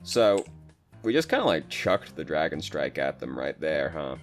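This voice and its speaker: A young man casually commentating over gameplay as a coach, relaxed, with frequent fillers and casual swearing. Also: rumbling low, normal speed, faint music behind. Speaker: game coach reviewing gameplay.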